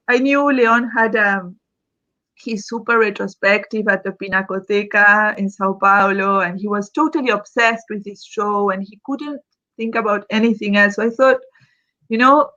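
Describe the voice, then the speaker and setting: Woman telling a story over a video call, laughs a lot, kinda high voice, dull muffled sound. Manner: lively, often laughing as she tells stories. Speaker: museum director. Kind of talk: anecdotal storytelling in a live conversation.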